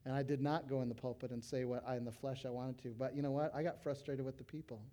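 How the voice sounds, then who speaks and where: A middle-aged male pastor preaching to fellow pastors, animated, breaking into loud acted quotes. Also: mid-range voice, fast talker. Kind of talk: sermon to pastors.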